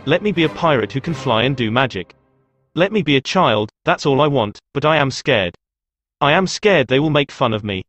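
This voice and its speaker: Man narrating a dark story with emotion. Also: medium pitch, husky, dry recording. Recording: dry close voice over faint music.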